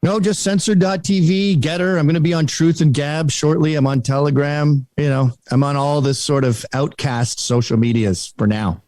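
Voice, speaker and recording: A man's voice: a little high, fairly even intonation, normal speed, few pauses, darkish tone, no echo. A man who is a comedian guest on a podcast, speaking casually in a blunt, matter-of-fact way.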